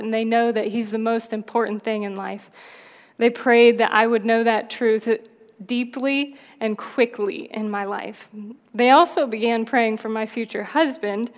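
A woman in her thirties, a pastor's wife, sharing her testimony in a soft, gently self-deprecating way. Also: fairly high pitch. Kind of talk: personal testimony in church. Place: church sanctuary. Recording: long church hall reverb.

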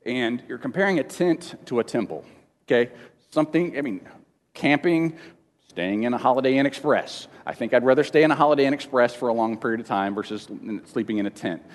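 Guy giving a chatty bible lesson, stumbles and repeats himself, long hall echo. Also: mid-range voice. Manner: halting, repeats words, self-deprecating jokes. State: emotional at times. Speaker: preacher teaching a Bible lesson. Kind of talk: informal teaching sermon with questions to the room. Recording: long reverb of a large hall.

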